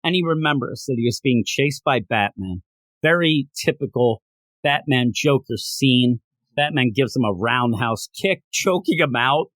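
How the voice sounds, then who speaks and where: A man's voice: mid-range voice, measured pace, dry recording, low-quality recording. A man hosting a comics review podcast, retelling the plot in casual chat and acting out the characters as he goes. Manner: animated storyteller, acts out the characters.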